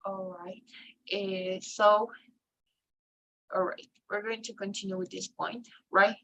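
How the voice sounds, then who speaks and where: A woman's voice: mid-range voice, level tone, takes it slowly, pushed and bright, poor audio. A woman who is a native Spanish speaker teaching an English grammar lesson, explaining step by step and checking "right?" after nearly every phrase.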